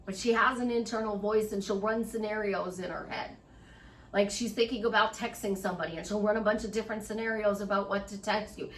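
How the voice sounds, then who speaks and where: A woman's voice: medium pitch, steady tone, a little fast, far from the mic, slight background noise. A middle-aged woman life coach giving a chatty, rambling motivational monologue, speaking straight to the listener. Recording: echoey room, voice off-mic.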